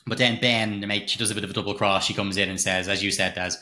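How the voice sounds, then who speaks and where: Man, middle-aged, rapid and bright, sweary podcast co-host. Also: fairly low pitch. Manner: sweary, animated, retells scenes with quoted lines. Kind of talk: casual film review chat.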